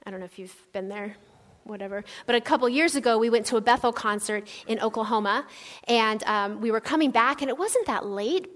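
A woman in her thirties giving a conversational sermon, telling personal stories with lots of fillers. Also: a little high. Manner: chatty, personal storytelling with fillers. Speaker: church speaker. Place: church sanctuary. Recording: long hall reverb.

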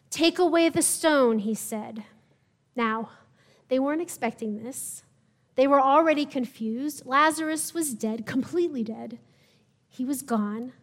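A woman pastor preaching a sermon, retelling a story conversationally and acting out the voices of the people in it. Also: high voice.

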